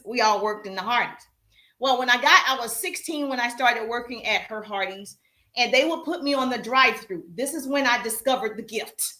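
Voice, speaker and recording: Southern female sales coach, animated and direct, echoey room. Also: fairly high pitch. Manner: animated, chatty, addresses audience directly. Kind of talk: live-stream coaching talk.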